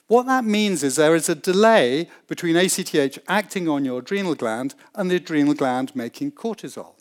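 A man who does medical research, giving an enthusiastic public science lecture and acting out the voices in his own examples. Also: fairly high pitch. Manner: enthusiastic explainer, acts out quoted voices.

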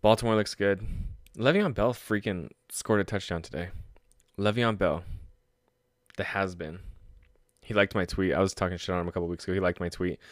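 A man hosting a casual solo sports talk show, excitable, swearing freely and laughing at his own stories. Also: sits low, moderate pace, dry recording, studio quality. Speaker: sports podcast host.

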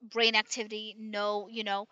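A woman's voice: medium pitch, completely flat delivery, moderate pace, pushed and bright, no room sound, lo-fi sound. A woman in casual chat, telling a long rambling story full of restarts and tag questions.

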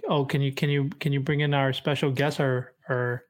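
A man's voice: medium pitch, flat delivery, normal speed. A man co-hosting a casual podcast, easygoing and laughing often. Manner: giggly, easygoing banter. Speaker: podcast co-host.

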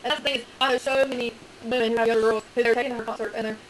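Woman, eager, chatty, very fast, slightly high, crowd behind. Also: steady tone. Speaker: bible study participant. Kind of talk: casual group chat. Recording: noisy room with crowd.

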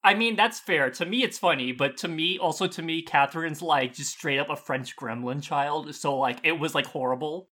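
A man with a higher, bright and forceful voice co-hosting a casual podcast. He trades quick quips and jokes with the others. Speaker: podcast co-host. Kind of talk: casual chat.

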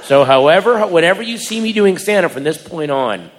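A man doing stand-up, telling a story in an animated way, acting out voices and shouting punchlines. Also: fairly high pitch, brisk. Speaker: stand-up comedian. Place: comedy venue before a live audience. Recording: live room with long reverb and crowd. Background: audience laughter and crowd noise.

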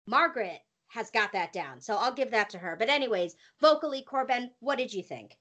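A woman's voice: on the high side, animated, a little fast, fairly bright tone. A woman hosting a podcast, chatting casually and teasing her co-host, laughing often. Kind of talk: casual pop-culture chat.

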